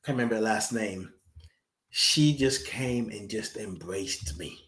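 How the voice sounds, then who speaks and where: A man guest talking reflectively in a conversation, expressive and animated, slipping into emotional stories. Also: on the low side, a little slow, echoey room.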